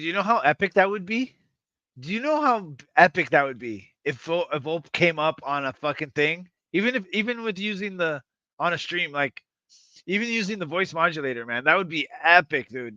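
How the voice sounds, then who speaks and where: A man hosting a livestream, chatting to his viewers in a rambling, excitable, self-mocking way and swearing freely. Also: on the high side, normal speed, no room sound, lo-fi sound. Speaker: livestream host. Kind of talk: casual livestream chat to viewers.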